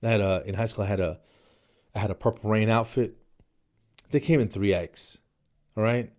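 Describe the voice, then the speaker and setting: A man's voice: on the low side, normal speed, darkish tone. A man in his forties, from New Jersey, hosting a podcast in a jokey comedic monologue that he peppers with "man" and "dude". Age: 40s. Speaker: podcast host.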